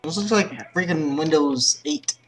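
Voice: medium pitch, animated, a little slow, slight background noise. A young adult chatting casually during an online game, playful and giggly. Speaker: gamer. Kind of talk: casual gaming chat.

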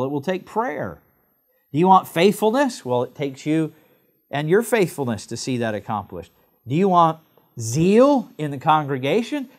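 Male preacher from England, slightly high voice, emphatic pulpit delivery. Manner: emphatic preaching with rising stresses and slow drawn-out phrases. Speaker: pastor. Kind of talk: sermon.

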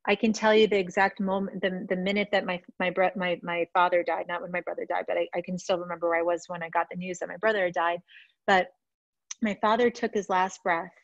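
A woman's voice: lowish voice, flat delivery, fast, dry recording, dull audio. A middle-aged woman from a Russian-speaking family, teaching about emotions and self-care in a candid, emotional way with many restarts. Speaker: positive psychology teacher. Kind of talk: personal teaching talk to a group.

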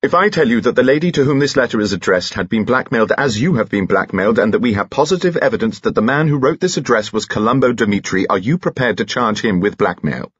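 A man voicing a calm, formal police inspector who questions in a quiet, matter-of-fact way in an audiobook. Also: mid-range voice, fast, hardly any pauses, husky, no room sound, muffled recording, voice pushed up.

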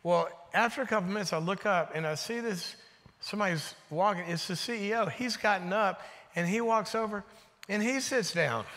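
A man giving a sermon, telling stories in an animated way and dropping to a hushed voice when quoting people. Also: sits high. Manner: animated storyteller, drops to a hushed voice for quotes. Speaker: guest speaker. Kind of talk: sermon with storytelling. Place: church sanctuary. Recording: reverberant church hall.

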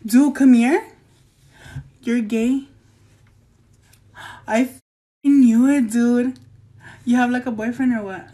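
A man's voice: very high-pitched, mellow. A man playing a brash, crude young woman from California who swears, laughs and drawls slang in a comedy sketch.

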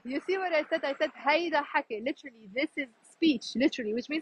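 A Lebanese woman teaching Arabic on a live stream while walking down a city street, chatty and repeating each new word slowly. She speaks into a phone held in her hand. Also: sits high, expressive, poor audio. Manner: explains words, repeats each one slowly, chatty asides.

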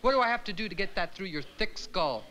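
An actor playing a folk singer on stage who breaks off his song to scold a bandmate in a mock-stern, deadpan way. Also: high-pitched, quick pace, a little hiss or hum, low-quality recording. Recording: loud instrumental music behind.

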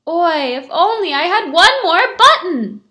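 A woman's voice: sits high, sing-song, measured pace, a bit bright, exaggerated voice. A woman doing a wily ragged beggar man. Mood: sighing, loud. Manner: pleading, then scheming. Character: ragged hungry little male beggar, wily.

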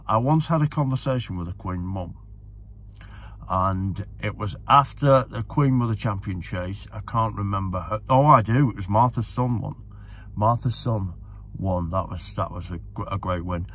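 A man's voice: fairly low pitch, moderate pace, a bit bright, husky. A man talking casually to camera, enthusiastic and rambling, often repeating himself as a horse racing tipster.

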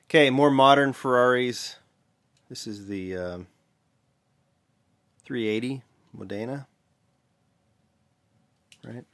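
A man's voice: medium pitch, takes it slowly, pauses often, a bit bright. A man hosting a casual show-and-tell vlog, talking in an offhand, mumbling way and often correcting himself. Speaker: vlog host, toy car collector.

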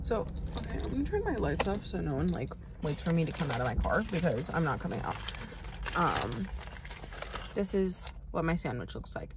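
A woman's voice: low voice, sing-song, moderate pace, noisy background. A young woman, chatting playfully to the camera in a casual vlog. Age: young adult. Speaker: vlogger.

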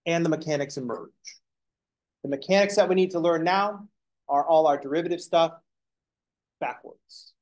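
A man's voice: fairly high pitch, normal speed, long pauses, darkish tone, low-quality recording. A man teaching a calculus class, explaining steps and making joking asides to his students. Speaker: math lecturer. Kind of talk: classroom lecture.

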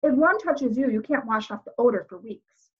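Storybook prince, read by a woman: cold, commanding, impatient; a bit higher voice, slightly muffled recording. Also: lively intonation, normal speed, breathy edge. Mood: curt. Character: arrogant, impatient fairy-tale prince, grown man.

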